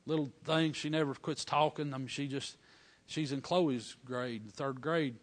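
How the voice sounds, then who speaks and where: With a medium-pitched voice and fairly even intonation, a fervent preacher tells stories in a sermon. His folksy dialect stretches words out for emphasis, and he works up to loud bursts of praise.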